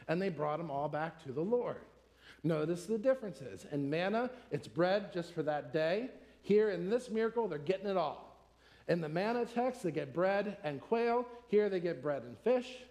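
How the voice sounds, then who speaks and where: High-voiced man preaching in a reverberant hall. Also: a little mellow. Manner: conversational, emphatic teaching with rhetorical questions. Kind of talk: sermon.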